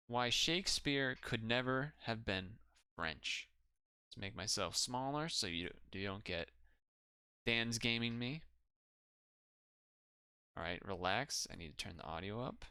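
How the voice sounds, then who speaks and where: A man's voice: medium pitch, animated, takes it slowly, pauses often, sharp tone, clear, resonant tone, dry recording, clean studio sound, soft background music. A man streaming live, chatting casually and reacting aloud to what he watches.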